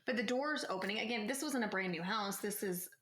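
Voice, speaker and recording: A woman's voice: medium pitch, a little fast, a bit bright. A young woman co-hosting a podcast, emphatic and opinionated in casual true-crime chat. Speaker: podcast co-host. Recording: roomy echo.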